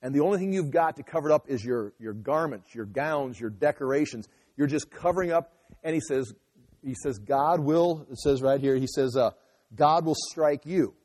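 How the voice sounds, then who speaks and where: A man's voice: medium pitch, expressive, a little fast, a little mellow, big-room sound. A man giving an emphatic sermon, often restarting and repeating phrases as he teaches. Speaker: pastor.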